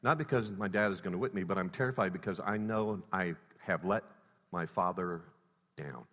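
Man, preacher, sermon storytelling, bright forceful tone, long hall reverb. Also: sits low, moderate pace. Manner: storytelling, sharp swings between loud and hushed.

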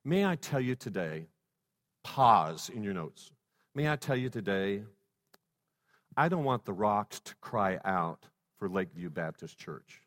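A male pastor preaching a sermon, swinging from loud exhortation to hushed softness and stacking rhetorical questions. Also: lowish voice, big pitch swings, unhurried. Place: church sanctuary. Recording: long reverb in a church hall.

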